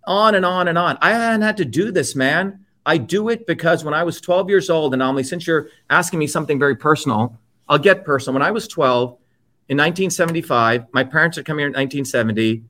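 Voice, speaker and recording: A man's voice: a little high, quick pace, bright, forceful tone. Blunt, emphatic man in his fifties. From India. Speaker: interview guest. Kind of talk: impassioned personal storytelling.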